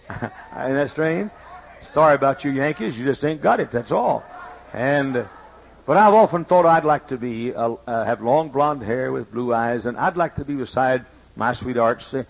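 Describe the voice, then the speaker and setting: A man preaching a sermon, his voice gravelly with fry. He talks in a folksy, storytelling way and repeats his points for emphasis. The recording sounds dull and lo-fi. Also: medium pitch, normal speed.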